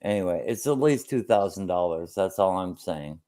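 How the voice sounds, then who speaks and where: A man's voice: low voice, expressive, normal speed, dark tone. A man in a casual chat, ranting emphatically with lots of swearing and fillers.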